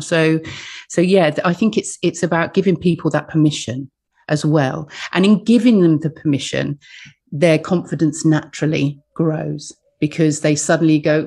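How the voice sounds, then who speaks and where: A woman's voice: low voice, steady tone, normal speed, gravelly, warm tone, husky. A woman, a voice coach with an acting background, talking animatedly in an interview and often restarting her phrases. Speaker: voice coach and guest. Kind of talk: conversational interview talk.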